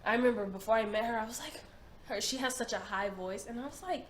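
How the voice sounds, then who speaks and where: Talking fast in a voice on the high side, a young woman in her twenties reacts on video with emphatic slang and frequent repetition. There's noticeable room echo and a little background noise.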